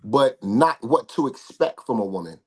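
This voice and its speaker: Animated, slangy man on a livestream. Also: mid-range voice, normal speed. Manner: animated, slangy, emphatic storytelling. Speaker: guest. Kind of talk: casual livestream chat.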